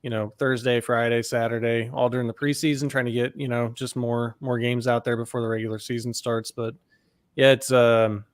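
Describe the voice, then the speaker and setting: A man's voice: medium pitch, a little fast, dry recording. Chatty male co-host, dry close sound. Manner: relaxed, chatty with "you know" and "like". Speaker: podcast co-host. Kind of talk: casual sports chat.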